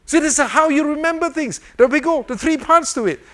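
An older man preaches in a relaxed, conversational way, with a fairly high voice for a man. He keeps asking his listeners rhetorical questions and chuckles now and then. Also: brisk. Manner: animated, repetitive rhetorical questions, chuckles often. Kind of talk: informal sermon with a fidget toy demonstration.

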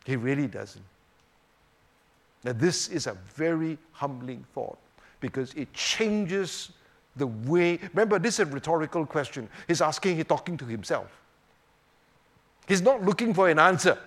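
A man teaching a sermon on the Psalms, swinging between emphatic rhetorical questions and hushed, quiet moments. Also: a little high, animated, moderate pace, pauses often. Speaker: preacher.

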